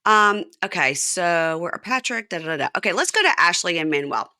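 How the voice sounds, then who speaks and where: A woman hosting a podcast, chatting casually and recapping a reality show, acting out quotes in high silly voices. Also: expressive, fairly quick, pushed and bright, dry recording, studio quality. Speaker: podcast host.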